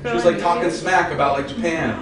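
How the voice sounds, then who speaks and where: A man's voice: a little high, fairly even intonation, fairly quick, fairly bright tone, echoey room, a little hiss or hum. A man from the United States doing a live spoken-word poetry reading, with wry, sarcastic, chatty banter, recorded from a distance in a gallery room. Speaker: performing poet.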